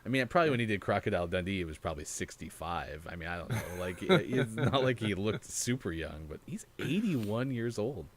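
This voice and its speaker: In a studio, a man hosting a gaming morning show talks casually, rambling along with laughter. His low voice is animated and fairly quick, with hardly any pauses.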